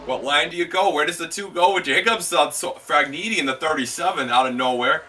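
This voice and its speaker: A man doing laid-back color commentary for a sim race, reacting with quick exclamations. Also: fairly high pitch, pushed and bright, distant mic, faint music behind.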